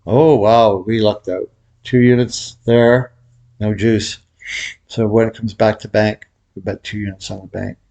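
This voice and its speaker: A middle-aged man walks through a lesson in a loose, chatty way. His voice sits on the low side, and he drifts off topic, laughing at himself. Some words carry a faint whistle from a cracked tooth. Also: fairly even intonation, a little slow, gravelly, dark tone, lo-fi sound. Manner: rambling, jokey, laughs at himself. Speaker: baccarat instructor. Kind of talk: casual tutorial commentary.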